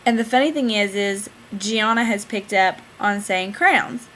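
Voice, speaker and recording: A young woman with a Southern US accent, chatting in a casual vlog and reading out a word list, pausing often with "um". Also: medium pitch, fairly bright tone, slight background noise. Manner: hesitant, full of "um" fillers. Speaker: vlogger.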